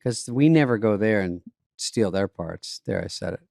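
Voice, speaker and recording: A man's voice: on the low side, expressive, moderate pace, gravelly, darkish tone, no echo, clean studio sound. A man co-hosting a podcast, trading sarcastic, rambling comic riffs in casual chat. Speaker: podcast co-host.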